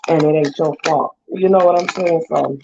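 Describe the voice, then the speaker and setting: A woman vlogger, casually retelling a story with lively quoted voices. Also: sits low, moderate pace, vocal fry, muffled recording, background noise.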